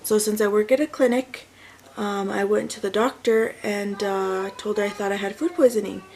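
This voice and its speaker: A woman's voice: mid-range voice, steady tone, normal speed, a little mellow, low-quality recording. A woman in her thirties, a mother and vlogger, casually telling a personal story and correcting herself as she goes. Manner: chatty, self-correcting, rambling with fillers.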